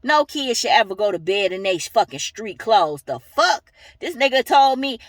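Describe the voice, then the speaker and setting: A woman's voice: medium pitch, expressive, moderate pace, fairly bright tone, dry recording. A young woman ranting heatedly in a vlog, cursing and emphatic. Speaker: vlogger.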